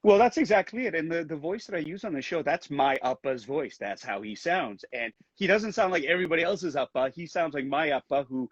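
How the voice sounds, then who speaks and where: A man's voice: a little high, expressive, fairly quick, few pauses, husky, no echo, muffled recording. A man from Canada, an actor being interviewed over a video call on a headset, speaking earnestly and thoughtfully, often restarting his sentences.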